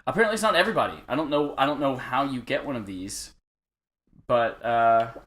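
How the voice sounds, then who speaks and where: A man's voice: mid-range voice, expressive, brisk, fairly bright tone, slight background noise. A man hosting a casual gaming podcast, talking loosely and profanely and laughing easily. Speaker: podcast host.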